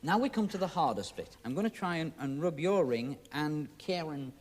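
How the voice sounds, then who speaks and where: A man's voice: on the high side, animated, moderate pace. A male magician hosting a TV show, talking through a trick with jokey, teasing patter to audience volunteers. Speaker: magician host. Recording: 1970s TV broadcast with audience. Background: studio audience.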